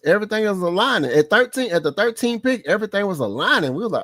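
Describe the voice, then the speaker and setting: A man hosting a casual sports podcast, excitable and slangy, laughing often as he talks. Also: high voice, brisk, dry recording, studio quality. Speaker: podcast host.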